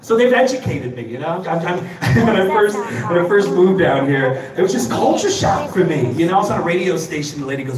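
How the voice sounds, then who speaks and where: A man from Chicago does stand-up on a live stage, his voice lively and somewhat high. His rambling delivery keeps restarting as he slips into characters. The sound is echoey and distant, with a crowd around him. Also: brisk, hardly any pauses. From Chicago, USA. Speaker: stand-up comedian. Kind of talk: stand-up set. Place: live comedy show stage. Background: audience laughter.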